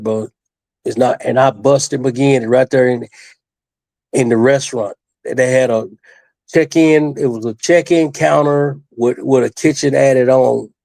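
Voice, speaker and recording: A man's voice: mid-range voice, gravelly, darkish tone, dry recording. An older man, a retired wrestler, tells a long story as a guest in a studio interview. He rambles and stresses his points, restarts often and repeats his phrases.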